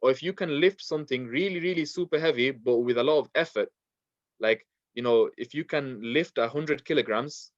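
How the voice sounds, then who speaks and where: A man's voice: medium pitch, no room sound. Brief: male teacher, patient and repetitive, dry, slightly muffled classroom recording. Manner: patient, repetitive explanations with many fillers. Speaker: Quran recitation teacher.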